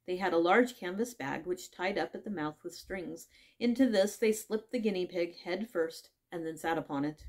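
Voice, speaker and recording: Woman reading a storybook, low voice. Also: moderate pace, darkish tone. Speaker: audiobook reader. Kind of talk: storybook narration.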